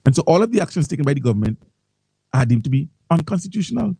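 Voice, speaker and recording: Vincentian guy hosting morning talk radio, husky and animated, keeps repeating himself. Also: on the high side, racing, dry recording, rough recording. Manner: animated, repeats words, reads posts aloud. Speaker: radio talk show host.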